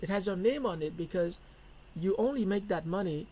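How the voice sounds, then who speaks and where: A man's voice: high-pitched, fairly quick, mellow, a little hiss or hum, rough recording. A middle-aged man teaching a business lesson in a blunt, emphatic way, repeating his key points. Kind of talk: lecture to camera.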